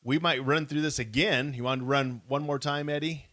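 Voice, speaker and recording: A man's voice: mid-range voice, steady tone, moderate pace, fairly bright tone, dry recording. A man co-hosting a podcast who reads a kids' adventure book aloud steadily and adds wry comments. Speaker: podcast co-host. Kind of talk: casual live book reading.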